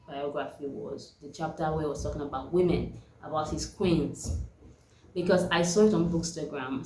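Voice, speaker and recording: Young woman chatting about a book, low voice, lively and laughing, roomy echo. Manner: chatty and animated, laughs often. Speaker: book vlogger. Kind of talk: casual book review chat. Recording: echoey room.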